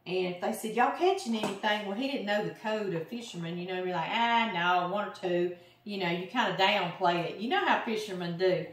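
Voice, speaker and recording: A middle-aged woman with a Louisiana accent, hosting a cooking video and telling a long, sarcastic family fishing story in a chatty, animated way. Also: fairly low pitch, brisk, slight background noise. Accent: Southern US, Louisiana. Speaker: cooking channel host. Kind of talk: casual storytelling while cooking. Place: home kitchen. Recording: roomy kitchen, mic at a distance. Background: chopping and kitchen clicks.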